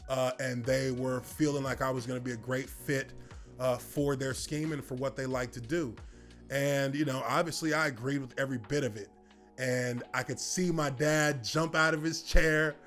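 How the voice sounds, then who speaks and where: A man in his thirties telling a personal story in casual talk, relaxed and rambling with lots of fillers. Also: mid-range voice, normal speed, faint music behind. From United States. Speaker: former football player telling his story.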